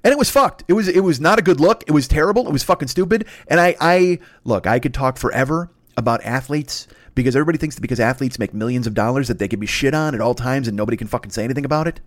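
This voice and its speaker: A man hosting a solo comedy podcast, ranting in a profane, exasperated way that climbs into high indignant bursts. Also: very fast, few pauses, dry recording. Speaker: podcast host.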